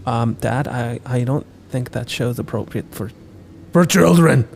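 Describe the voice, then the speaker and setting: A man's voice: mid-range voice, flat delivery, unhurried, creaky, a little mellow, slight background noise. A man voicing whiny, bratty kids who complain to their father in a skit.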